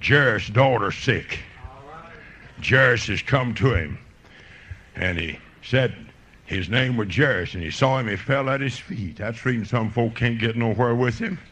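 A man's voice: medium pitch, a little slow, a bit bright. A man preaching a sermon, telling folksy stories of faith with fervent energy.

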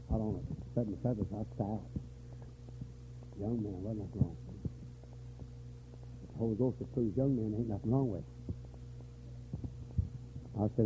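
An older man preaching a revival sermon, dropping to weary low talk and rising to shouted, high-pitched fervor. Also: moderate pace, long pauses, slight background noise. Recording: tinny lo-fi church recording.

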